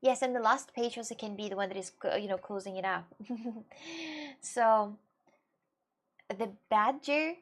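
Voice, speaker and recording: A woman's voice: mid-range voice, measured pace, long pauses, a bit bright. A young woman whose first language is Russian, livestreaming and chatting casually with her viewers, scattered and giggly, often laughing and restarting her sentences. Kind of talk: casual chat with live viewers.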